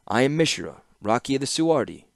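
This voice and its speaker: A man voicing a calm, shrewd young man in an audiobook, with a measured, quietly wry delivery. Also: medium pitch, gravelly, no echo, studio quality, pitched above the performer's own voice. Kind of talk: audiobook character voice.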